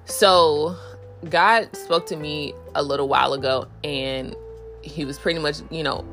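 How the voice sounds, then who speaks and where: A woman's voice: fairly even intonation, measured pace, fairly bright tone, soft background music. A woman hosting a podcast, talking candidly about faith with many fillers, restarts and acted-out voices. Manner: acts out inner voices with raised pitch. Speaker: podcast host. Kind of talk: casual faith talk.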